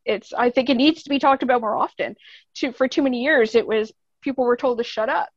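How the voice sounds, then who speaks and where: A woman's voice: a little high, fairly quick, dry recording, highs cut off. A woman with a Canadian accent, speaking as a podcast guest in casual, earnest, rambling chat, laughing often.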